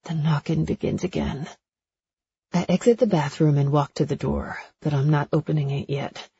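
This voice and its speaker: A woman narrating a first-person romance audiobook in a breathy, intimate storytelling voice. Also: low voice, moderate pace, dark tone, dry recording, muffled recording.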